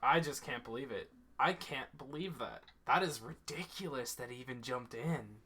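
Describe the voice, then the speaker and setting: A man's voice: mid-range voice, animated, moderate pace, bright, forceful tone, breathy edge. A man streaming a game, chatting casually with friends and teasing them with jokes. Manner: joking, teasing, laughs often. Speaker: gaming streamer. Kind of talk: casual party chat on stream.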